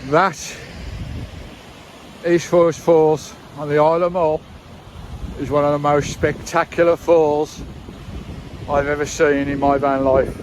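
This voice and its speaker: A British man vlogging his vanlife travels, excited and out of breath after a climb, exclaiming often. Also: mid-range voice, a little hiss or hum, rough recording. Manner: exclamatory and enthusiastic, lots of "wow"; relaxed, rambling chat with fillers. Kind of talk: casual vlog commentary.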